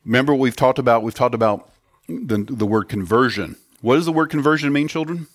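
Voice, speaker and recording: A man's voice: medium pitch, brisk, no echo, studio quality. A man preaching a sermon to children and adults in an earnest teaching tone, putting questions to the children. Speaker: pastor.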